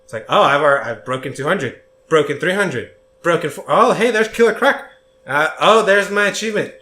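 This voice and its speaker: A young man co-hosting a casual podcast, telling stories in an animated, profane way with shouted outbursts. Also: fairly high pitch, normal speed, roomy sound. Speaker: podcast co-host.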